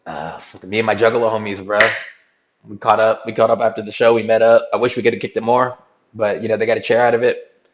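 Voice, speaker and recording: A man's voice: on the low side, fast talker, dull audio, background noise. Slangy man telling a story with lots of "right?". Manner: animated, slangy, keeps asking "right?". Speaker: streamer. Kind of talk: casual storytelling recap.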